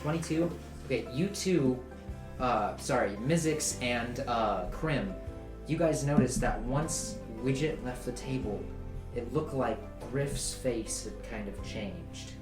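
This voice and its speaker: A man's voice: medium pitch, slow. Casual man narrating as game master. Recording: echoey room with music behind.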